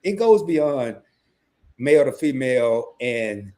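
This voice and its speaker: A man co-hosting a casual podcast, talking in an animated way that jumps up high when he makes a point. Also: slow pace. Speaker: podcast co-host.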